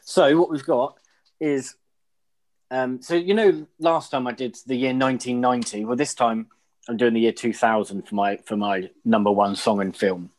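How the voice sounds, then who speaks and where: A man quizzing his friends in loose, sweary banter. His voice sits at an ordinary middle pitch and he keeps the tone jokey. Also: fairly even intonation, normal speed, darkish tone. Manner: teasing, swears freely. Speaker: quiz host among friends. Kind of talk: casual banter.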